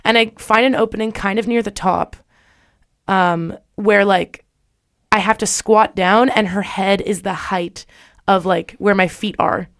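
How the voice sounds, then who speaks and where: A woman's voice: medium pitch, steady tone, a little slow. A young woman hosts a casual podcast, telling a story in a chatty way with frequent "like". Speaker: podcast host.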